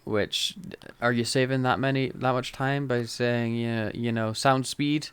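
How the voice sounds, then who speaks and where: Smooth-voiced man recapping an episode. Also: medium pitch, fairly even intonation, unhurried, fairly bright tone. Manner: recaps scenes with wry asides and voices characters. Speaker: podcast co-host. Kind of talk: casual chat.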